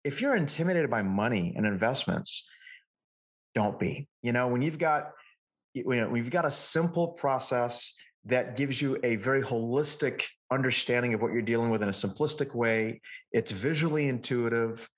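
Brief: male coach guest, mid-pitched, animated storyteller who restarts a lot, muffled lo-fi recording. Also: normal speed. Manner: animated, lively anecdotes with frequent restarts. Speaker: market forecasting coach, guest. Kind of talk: conversational interview storytelling.

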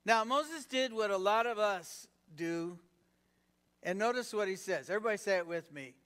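A man's voice: sits high, lively intonation, moderate pace, a bit bright, clean tone. A man preaching a sermon in a conversational way, firing rhetorical questions at the congregation and filling gaps with "you know". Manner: peppered with "you know" fillers. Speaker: pastor.

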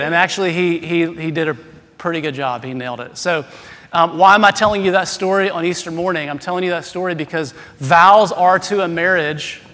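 A man, a pastor, delivering an Easter sermon, shifting between a soft prayer and humorous stories told to his congregation. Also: a little high. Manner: humorous storytelling with self-deprecating asides. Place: large church sanctuary. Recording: long hall reverb.

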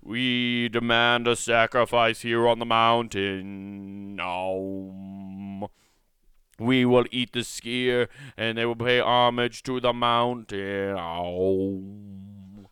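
A hungry tree spirit, put on by a man drones its demands for sacrifice in a slow, solemn chant. The voice is dry and close, with a clear, smooth tone. It sits a little low and heavy for a man. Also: completely flat delivery, fairly bright tone, no echo. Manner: slow, droning ritual chant.

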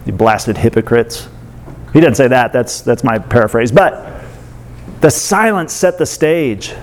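A man's voice: medium pitch, animated, measured pace. A man preaching a sermon as pastor, conversational, with laughs and acted asides.

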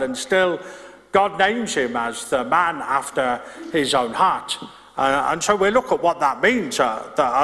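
A middle-aged male pastor with a slightly high, bright, forceful voice preaches conversationally in a reverberant church hall. He restarts sentences and makes asides to the congregation.

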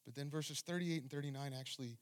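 A man's voice: medium pitch, fast. A man preaching a sermon as pastor, reading scripture and speaking with fervent emphasis.

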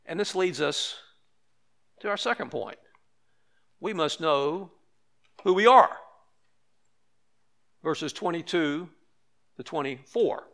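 A man's voice: a little high, expressive, takes it slowly, pauses often, fairly bright tone. A man preaching a sermon in a conversational way, with frequent restarts and asides. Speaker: pastor.

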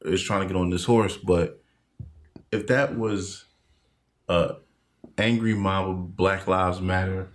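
A man guesting on a relaxed podcast, his voice sitting on the low side. He rambles through his stories, circling back with fillers and false starts before landing his point. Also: takes it slowly, pauses often. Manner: rambling storyteller with frequent fillers and restarts. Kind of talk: casual chat.

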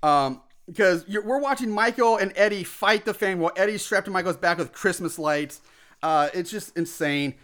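A man casually recapping a film plot as a podcast host, animated, acting out shouted lines and laughing often. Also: sits high, normal speed. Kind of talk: casual chat.

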